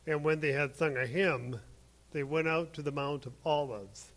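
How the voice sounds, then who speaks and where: A man reading scripture aloud slowly and carefully. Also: on the high side, a bit bright, rough recording. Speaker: scripture reader.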